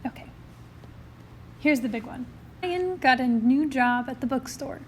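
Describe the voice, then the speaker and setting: A woman with a high, bright-toned voice walks through a recorded math lesson, chatty and upbeat as she explains each step. She has the hiccups, and faint background hiss sits under her voice on the tablet mic. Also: lively intonation, measured pace, long pauses. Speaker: math teacher.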